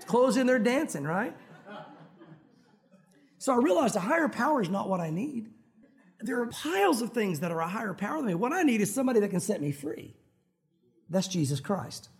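Man, pastor, sermon, conversational, emphatic, high-pitched. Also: sing-song, a little fast, long pauses. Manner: conversational, joking asides, emphatic stresses. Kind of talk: sermon, verse-by-verse Bible teaching.

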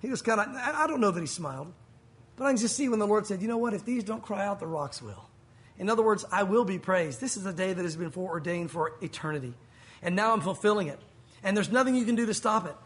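A man preaching a sermon, telling the story with animated energy and acting out the crowd's shouts. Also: high voice, fast. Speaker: pastor.

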